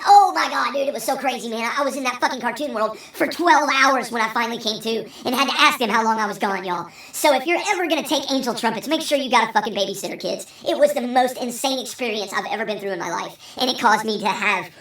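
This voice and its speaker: High, bright-voiced woman telling wild stories. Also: fast talker, few pauses. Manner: animated, profane, rambling. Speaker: vlog host. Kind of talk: storytelling vlog. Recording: roomy sound, distant from mic.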